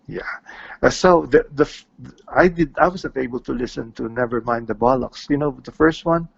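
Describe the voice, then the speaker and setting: A man from the Philippines, a guest musician, chatting in a relaxed way and laughing often. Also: medium pitch, normal speed, gravelly, slightly rough. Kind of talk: casual interview. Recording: muffled lo-fi.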